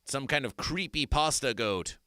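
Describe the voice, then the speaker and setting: A man's voice: mid-range voice, expressive, normal speed, pushed and bright, smooth, no echo, studio quality. A man hosting an absurdist comedy stream, talking in a theatrical, repetitive, chanting way. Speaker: host.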